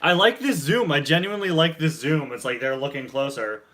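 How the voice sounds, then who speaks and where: Bright-voiced, enthusiastic young man. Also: fairly high pitch, fairly quick. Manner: enthusiastic, laughs often. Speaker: host. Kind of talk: casual chat.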